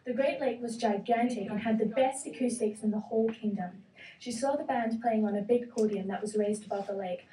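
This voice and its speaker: A woman reading a children's fairy tale aloud, telling it gently and expressively. Her voice is mellow and sits a little high, and it sounds distant in an echoey room with a faint hiss underneath. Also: a little fast. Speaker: storyteller.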